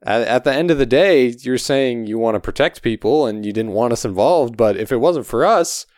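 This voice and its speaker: A male tabletop player speaks in character in a relaxed, plain-spoken way. His voice is smooth and resonant, and the sound is dry and close. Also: mid-range voice, moderate pace, no echo.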